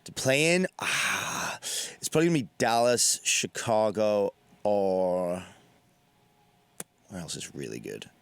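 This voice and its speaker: Laid-back, low-voiced English man. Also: expressive, slow, fairly bright tone, smooth, dry recording. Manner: laid-back, blunt, dry humor. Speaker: guest musician. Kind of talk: casual interview chat. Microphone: studio mic.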